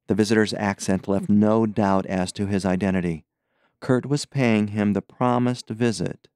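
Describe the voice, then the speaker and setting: A man reading an adventure novel aloud in a measured, steady narration. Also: on the low side, clean tone, dry recording, clean studio sound. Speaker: audiobook narrator. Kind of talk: scripted narration.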